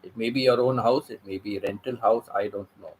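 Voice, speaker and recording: A man's voice: fairly low pitch, fairly even intonation, brisk, a little hiss or hum, poor audio. A man telling a story on his vlog, stressing points by repeating phrases. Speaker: vlogger.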